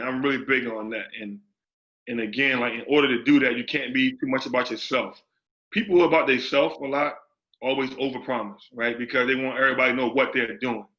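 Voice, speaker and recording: Bright-voiced emphatic male coach. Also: medium pitch, fairly even intonation, brisk. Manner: emphatic, repeats phrases, street slang. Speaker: associate head basketball coach. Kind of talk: interview answers. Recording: dull lo-fi audio.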